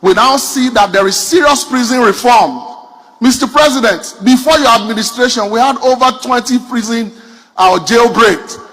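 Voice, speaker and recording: Performing stand-up, a Nigerian comedian talks at a normal speed in an extremely high, slightly bright voice. His stories are punchy and aimed directly at the crowd.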